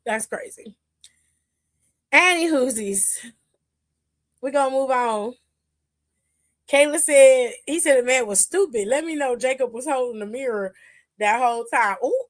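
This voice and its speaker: A woman hosting a wrestling recap, telling it in animated casual chat and acting out the quotes. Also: high-pitched, takes it slowly, long pauses, no echo, studio quality.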